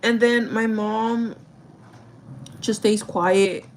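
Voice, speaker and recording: A woman's voice: on the high side, fairly even intonation, drawn-out words, a little hiss or hum. A woman in her thirties telling a story in casual chat, rambling with lots of "like" and "you know". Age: 30s. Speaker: vlogger.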